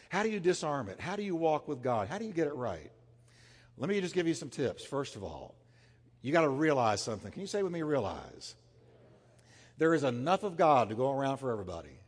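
A man's voice: high-pitched, in a large hall. A man preaching a sermon as pastor. He talks emphatically, repeats his phrases and has the congregation say lines back to him.

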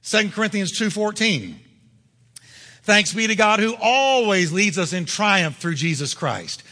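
A male pastor preaching in a high, bright, ringing voice, pressing each point with emphatic force. His words carry a long reverb from a large church hall. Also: lively intonation, a little slow. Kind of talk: sermon.

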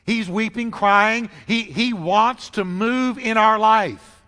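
Emphatic high-voiced preacher in a hall. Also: male voice, takes it slowly, sharp tone. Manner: dramatic, emphatic preaching with repetition and sudden pitch swings. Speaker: pastor. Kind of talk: sermon. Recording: long reverb of a large hall.

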